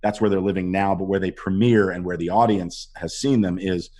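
Man, deep voice, middle-aged, actor guest, animated anecdotes, casual interview. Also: a little fast. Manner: animated storytelling, acts out quotes.

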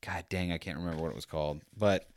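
Deep-voiced man telling a rambling story. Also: quick pace, no echo. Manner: rambling, animated, acts out quotes. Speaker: podcast host. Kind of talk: casual storytelling monologue.

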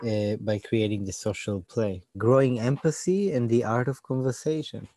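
A man's voice: medium pitch, normal speed, dark tone. A young man answering interview questions, often searching for words and restarting his phrases. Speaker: interview guest, digital community organizer.

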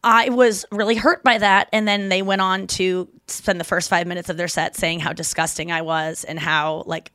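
A woman's voice: fairly low pitch, moderate pace, hardly any pauses, no echo. Chatty woman comedian on a podcast, acts out quotes, dead dry mic. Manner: chatty, animated retelling with quoted voices. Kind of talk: casual podcast storytelling.

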